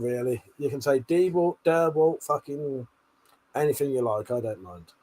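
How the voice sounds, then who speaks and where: Hosting a live stream, this British man reads out and teases his viewers' comments, swearing, laughing often, and a little drunk. He talks at a moderate pace in a medium, darkish voice.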